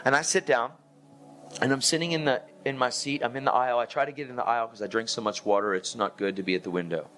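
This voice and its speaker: A man giving a casual faith testimony, telling it as a relaxed, slangy story full of "like", "man" and "dude". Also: medium pitch, fast talker, background noise. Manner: laid-back slangy talk with "like", "man" and "dude". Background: music.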